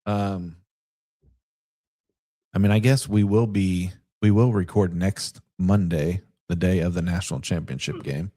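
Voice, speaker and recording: A man's voice: sits low, steady tone, a little slow, dark tone. A man co-hosting a casual sports talk podcast, telling stories in a chatty way with quoted asides. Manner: chatty storyteller who retells events with quoted asides. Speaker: podcast co-host.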